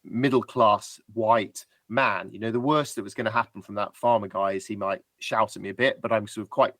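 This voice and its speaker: A man's voice: on the low side, fairly even intonation, fairly quick, a bit bright, dry recording. A British man, a guest on a podcast, telling stories in a reflective, polite and chatty way. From Britain. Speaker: guest adventurer. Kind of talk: casual podcast interview.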